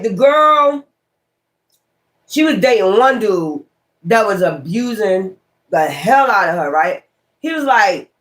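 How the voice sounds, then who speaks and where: A woman giving a casual tarot reading in a blunt, rambling, slangy way, swearing freely and repeating key words. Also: mid-range voice. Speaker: tarot reader.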